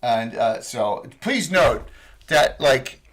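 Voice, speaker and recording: Give me a relaxed, chatty man running a tabletop game as dungeon master. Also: mid-range voice, takes it slowly. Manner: relaxed, chatty, many fillers.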